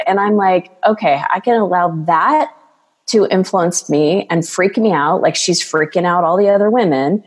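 A woman appears as a guest coach in a casual interview, speaking earnestly and fluidly and sometimes acting out other people's voices. Her voice is slightly low with a breathy edge, her pace is normal, and a long reverb trails after her words.

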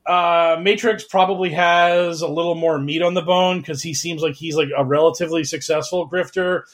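Male podcast host, slightly high pitch, animated and sarcastic. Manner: animated, mocking, does quick voices for other people. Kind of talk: casual chat.

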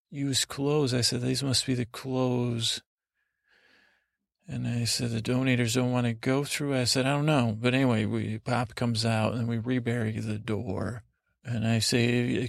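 Creaky, monotone man telling a bedtime story. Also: mid-range voice, no echo, studio quality. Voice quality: gravelly, creaky. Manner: meandering, halting, monotone delivery. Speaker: podcast host.

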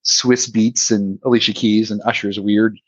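Guy hosting a podcast, chatty and laughing, kinda raspy, muffled lo-fi audio. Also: on the low side, little pitch movement, unhurried, no echo. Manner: chatty, laughs often while telling stories. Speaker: podcast host. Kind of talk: casual chat.

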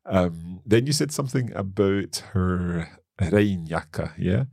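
Husky low-voiced male lesson host. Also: darkish tone, dry recording, clean studio sound. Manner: working slowly through foreign phrases, hesitant fillers. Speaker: podcast host and learner. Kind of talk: language lesson podcast.

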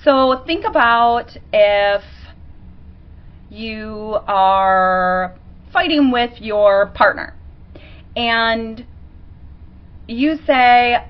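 A woman podcast host giving a casual teaching monologue. She talks conversationally and acts out quick examples as she goes. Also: fairly high pitch, dull audio.

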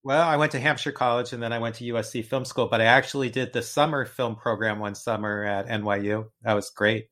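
A man's voice: mid-range voice, steady tone, brisk, hardly any pauses, fairly bright tone. A man co-hosting an interview who asks curious, attentive questions. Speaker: co-host. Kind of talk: casual interview chat.

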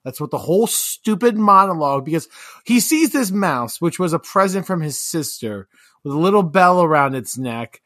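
Male podcast co-host, casual film banter, slightly high and bright, dry close sound. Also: expressive, moderate pace, no echo. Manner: rambling, joking, with many restarts. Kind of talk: casual film review chat.

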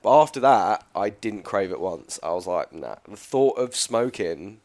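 Young male podcast co-host, fairly low voice, loose rambling delivery full of fillers. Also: expressive, normal speed, darkish tone. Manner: rambling storyteller, lots of fillers and swearing. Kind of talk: casual podcast chat.

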